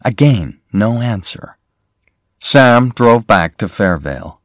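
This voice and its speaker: Slow, clear male story reader. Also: on the low side, animated, fairly bright tone, no room sound, studio quality. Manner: slow, clear, plain reading. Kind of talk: scripted narration of a graded reader.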